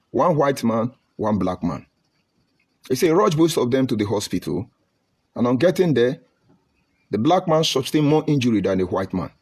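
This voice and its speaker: Husky man preaching politics. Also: mid-range voice, a little mellow. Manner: preaching, rhetorical, emphatic lists. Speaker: political speaker. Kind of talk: impassioned political speech.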